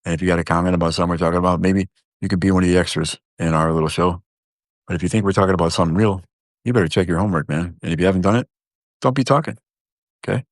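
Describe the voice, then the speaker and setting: Talking straight to his viewers, a deep-voiced man jokes his way through a relaxed live stream at a racing pace, drifting loosely between thoughts with plenty of fillers and restarts. His tone holds steady. The audio is close and dry, with no echo.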